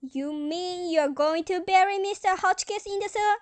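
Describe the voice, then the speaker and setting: A young woman on stage playing a calm, sweet elderly aunt in amateur acting, speaking soothingly and calling others dear. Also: very high voice, normal speed, dry recording. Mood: placid. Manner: soothing, gentle, says dear often.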